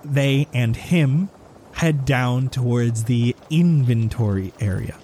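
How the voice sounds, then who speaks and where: A man's voice: medium pitch, a little hiss or hum. Man narrating a tabletop adventure. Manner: descriptive, steady narration. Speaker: game master.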